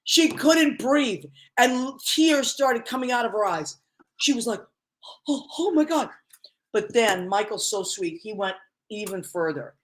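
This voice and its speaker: A woman's voice: medium pitch, unhurried. A woman hosting a casual interview, telling stories with lots of exclamations. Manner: effusive, storytelling with many exclamations. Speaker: talk show host.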